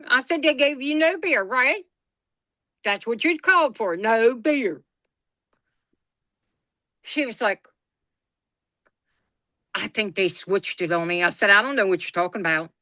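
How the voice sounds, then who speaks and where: A woman's voice: a little high, measured pace, long pauses, dry recording, studio quality. A woman telling a family story in a casual chat, acting out the voices of the people in it and swearing freely. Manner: animated, acts out quoted voices, swears freely. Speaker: guest storyteller.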